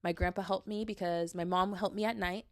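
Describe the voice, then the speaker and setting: A woman's voice: lowish voice, steady tone, fairly quick. Young woman, podcast host, earnest, confessional, casual filler-heavy talk. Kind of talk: candid personal podcast talk.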